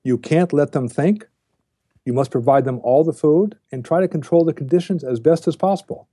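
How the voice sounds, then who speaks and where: A man's voice: a little high, moderate pace, warm tone, breathy edge, dry recording, clean studio sound. An older man speaking as a guest on a podcast interview, lecturing bluntly and with emphasis. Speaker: guest, diet researcher.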